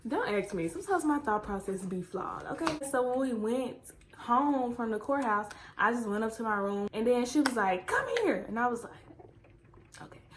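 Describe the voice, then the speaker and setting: Animated young woman telling a story. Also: on the high side, moderate pace, few pauses, noisy background. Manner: animated, chatty storytelling with lots of voiced quotes. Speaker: vlogger. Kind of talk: casual storytelling vlog.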